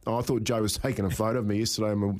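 A man's voice: fairly low pitch, flat delivery, very fast. A middle-aged man hosting breakfast radio, telling rambling stories and laughing often. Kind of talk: casual radio banter.

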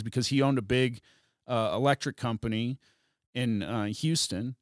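A comedian telling a profane, animated story in a casual podcast chat. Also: male voice, mid-range voice, normal speed, no room sound, clean studio sound.

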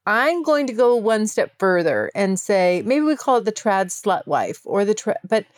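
A chatty woman hosting her podcast solo, speaking frankly and laughing easily. Her voice sits in a middle pitch range. It is recorded close on a mic with a dry sound and no room echo. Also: sing-song, normal speed. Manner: chatty and candid, with laughs and swearing. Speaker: podcast host. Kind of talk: casual solo podcast monologue.

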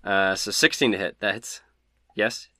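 Low-voiced male game master. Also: moderate pace, background noise. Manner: relaxed, laughing at own dice rolls. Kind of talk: narrating a tabletop game.

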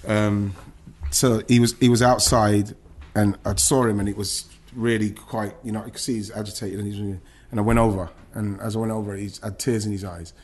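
A man's voice: fairly low pitch, steady tone, normal speed, a little mellow. A man, a former footballer, recounting his career in an emotional podcast interview, with many restarts and some swearing.

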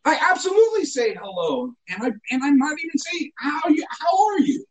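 A man telling a comic story in a casual chat, animated and mock-indignant. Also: very high-pitched, brisk, rough recording.

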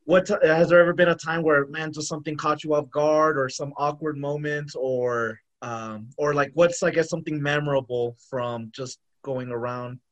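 A man hosts the podcast, feeling his way through his questions with plenty of "uh" and "um." His voice runs a bit higher than average. The sound is somewhat dull and lo-fi. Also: fairly even intonation. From West Texas. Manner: halting, full of fillers and restarts. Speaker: podcast host.

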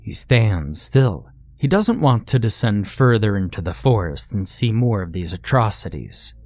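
A man narrating a horror story in a slow, grim, dramatic way. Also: lowish voice, very animated, a little mellow, no echo.

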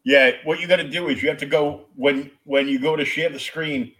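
A man chatting casually on a video call and helpfully walking someone through steps. His voice sits a little high. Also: steady tone, brisk, fairly bright tone, poor audio. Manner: helpful, giving step-by-step directions. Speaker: podcast guest. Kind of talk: casual podcast chat.

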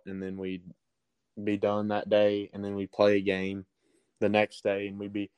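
A teenage young man with a thick Alabama accent answers questions casually, pausing often on ums and restarts. His voice sits fairly low and sounds smooth and clear. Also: completely flat delivery, darkish tone, rough recording. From Southern US. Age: teens. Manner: halting, with many ums and restarts. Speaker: baseball recruit guest.

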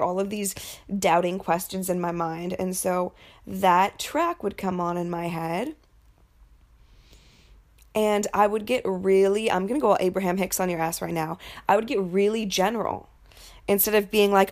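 A woman's voice: lowish voice, fairly even intonation, normal speed. A young woman hosting a podcast from her apartment, talking casually about morning affirmations, full of fillers and swearing. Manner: chatty, swears freely, frequent fillers. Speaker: podcast host. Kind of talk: casual spiritual podcast monologue.

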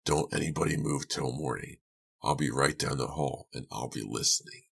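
A man's voice: rumbling low, moderate pace, gravelly, husky, exaggerated voice. A man voicing a bitter, suspicious man who gives a cold warning, in an audiobook.

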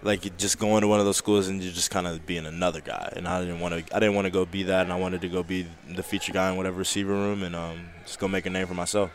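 A man's voice: sits low, little pitch movement, fast, few pauses. A young man, a college football player being interviewed on a podcast, talking in a laid-back way with lots of fillers. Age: young adult. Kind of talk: casual interview chat.

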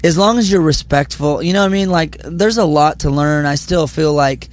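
A young man, a musician guest, chatting quietly with a slightly raspy voice just after coming off stage, many fillers, mic held close to his mouth. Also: a little high, moderate pace. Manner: speaking quietly, filler-heavy. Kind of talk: casual interview chat. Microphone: handheld mic held close.

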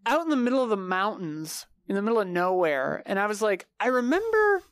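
Animated woman guest chatting, dry sound. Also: medium pitch, no room sound. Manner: animated, laughs often, quick asides. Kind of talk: casual chat.

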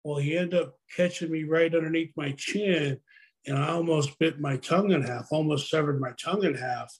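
A man, a former wrestler, telling his own story in a relaxed, profane, halting way. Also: fairly high pitch. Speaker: retired pro wrestler, guest. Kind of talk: casual storytelling chat.

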